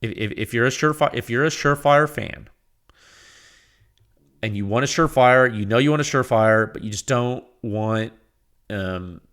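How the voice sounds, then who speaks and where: A man's voice: medium pitch, moderate pace, pauses often, a bit bright, clean tone. A man hosting a podcast, talking in a casual, rambling monologue with exasperated rants, frequent laughter and quoted asides. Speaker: podcast host.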